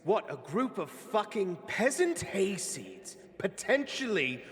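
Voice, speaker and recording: A man voicing a cruel male villain who shouts threats at his underlings. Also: medium pitch, sing-song, takes it slowly, in a large hall, pitched above the performer's own voice, heavily acted. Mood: furious. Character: furious cruel male villain leader, menacing.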